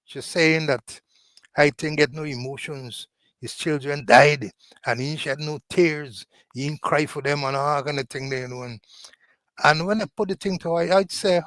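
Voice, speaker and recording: Male guest, slightly high voice, storytelling manner, dry sound. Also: normal speed, fairly bright tone, dry recording. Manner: storytelling, recounting. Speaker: guest commentator. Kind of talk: political commentary chat.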